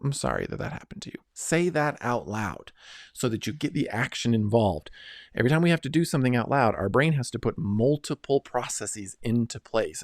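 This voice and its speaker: In a mid-range voice, a middle-aged man delivers an earnest self-help lesson, coaching listeners one step at a time and checking in often with "right?" and "okay?". It's a dry, studio-quality recording.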